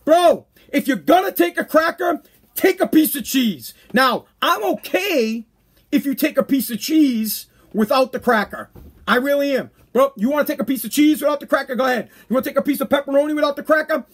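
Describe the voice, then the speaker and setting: A man's voice: extremely high pitch, brisk. A man hosting a live stream podcast, ranting casually and emphatically with slang. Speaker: podcast host.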